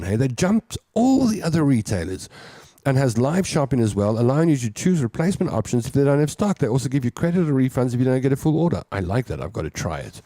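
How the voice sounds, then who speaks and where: A man's voice: medium pitch, warm tone, no room sound. A man hosting a call-in show, reading listeners' comments and chatting about them. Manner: chatty, reads comments aloud and riffs on them. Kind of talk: casual chat.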